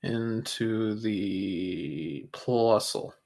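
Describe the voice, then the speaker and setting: A man's voice: lowish voice, very slow, noisy background. A man playing in a tabletop game, chatting in a laid-back, offhand way. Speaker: player. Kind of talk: casual chat during a tabletop game.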